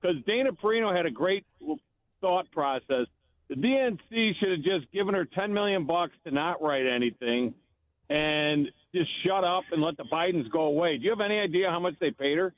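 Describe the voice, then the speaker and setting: A man calling in to a radio show, rambling and halting as he talks. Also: fairly high pitch, animated, dry recording. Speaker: caller. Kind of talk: phone-in chat. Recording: phone line.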